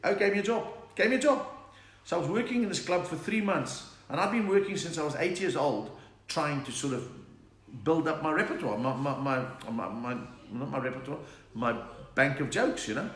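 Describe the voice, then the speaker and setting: A man's voice: fairly high pitch, moderate pace. A South African man doing stand-up chat on a live stream, reading viewer messages and telling stories, often slipping into put-on voices. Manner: chatty storytelling, slips into put-on accents and voices. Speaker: comedian reading viewer comments. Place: room at home. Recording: echoey room, faint background noise.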